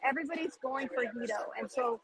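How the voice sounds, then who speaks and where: A woman's voice: high voice, fast talker, crowd noise, poor audio. A woman guest talking about her skincare brand in a casual interview, eager and repeating words as she goes. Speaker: guest, skincare business owner.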